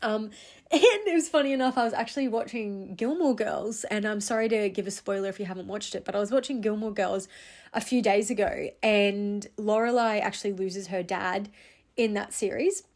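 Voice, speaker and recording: A woman's voice: medium pitch, normal speed, darkish tone. A young woman hosting a podcast, talking earnestly and candidly in a reflective personal monologue, with casual fillers and the odd swear. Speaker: podcast host.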